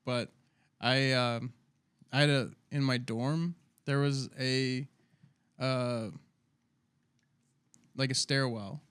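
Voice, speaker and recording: A young man co-hosting a podcast in casual chat, reacting quickly with short interjections and laughing easily. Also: mid-range voice, steady tone, a bit bright, clear, resonant tone, no echo, studio quality. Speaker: podcast co-host.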